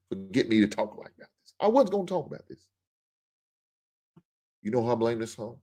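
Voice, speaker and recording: A man's voice: mid-range voice, sing-song, a little fast, pauses often, warm tone. A middle-aged man hosting a show, in a blunt, joking, ranting monologue. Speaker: podcast host. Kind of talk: casual monologue.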